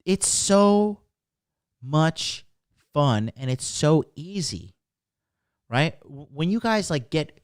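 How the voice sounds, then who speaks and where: A man's voice: on the high side, expressive, takes it slowly, pauses often, dry recording, studio quality. A man hosting a live-streamed dating talk, telling stories in a crude, blunt, profane way. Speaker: dating coach host. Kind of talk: live-streamed casual monologue.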